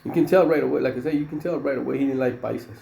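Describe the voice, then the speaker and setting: A man's voice: medium pitch, very fast, gravelly, dark tone. A middle-aged man, a former prison inmate telling a rambling story full of slang and fillers. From Mexico. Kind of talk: casual storytelling. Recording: roomy echo with faint background noise.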